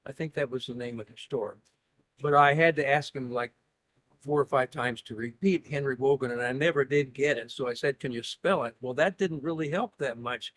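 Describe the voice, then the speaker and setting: A man as an interview guest, telling travel stories in a dry, wry way with halting restarts. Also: fairly high pitch. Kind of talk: casual conversation.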